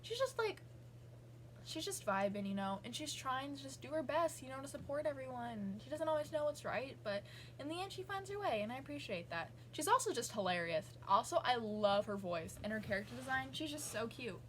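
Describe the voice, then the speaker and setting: A woman's voice: high-pitched, very animated, fairly quick, a bit bright, slight background noise. Chatty young woman gushing about favorites. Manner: rambling, gushing, many fillers. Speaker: vlogger. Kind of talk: casual chat.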